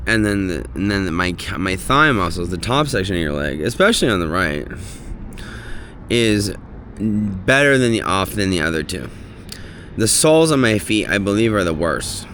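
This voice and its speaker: Low-voiced rambling man vlogging outdoors. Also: big pitch swings, moderate pace, a bit bright. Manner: rambling, drifting from topic to topic. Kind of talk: casual self-filmed vlog. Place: outdoors in hot weather. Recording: noisy outdoor recording.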